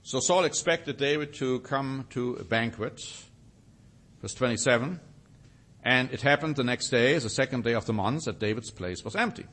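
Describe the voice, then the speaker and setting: A man's voice: medium pitch, moderate pace, fairly bright tone. Man preaching a Bible sermon. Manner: reads scripture aloud with rising emphasis, then comments.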